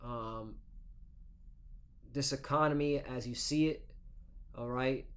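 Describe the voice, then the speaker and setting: A man of ordinary pitch reads scripture in a slow, formal cadence. He then shifts into a loose, conversational sermon. He keeps tagging his points with "okay?" and "all right?" as if checking in with his listeners. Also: steady tone. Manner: peppers talk with "okay?" and "all right?" tags. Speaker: religious teacher. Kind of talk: scripture reading and informal sermon.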